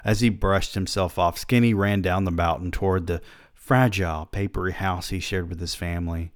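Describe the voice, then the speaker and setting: A man's voice: deep voice, fairly even intonation, moderate pace, dry recording, studio quality. A man reading a story aloud who keeps breaking off to mock himself in sardonic comic asides. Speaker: reader of a story.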